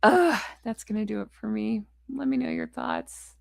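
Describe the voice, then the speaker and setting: A woman's voice: fairly high pitch, normal speed, gravelly, dry recording, studio quality. A woman vlogger in casual chat to camera, frustrated, blunt and ranting, with a chatty, rambling sign-off. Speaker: royal commentary vlogger.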